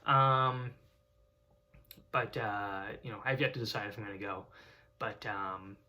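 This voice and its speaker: A man's voice: lowish voice, a little slow, sharp tone. A young man talking casually to camera in a rambling way, full of fillers and restarts. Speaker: vlogger.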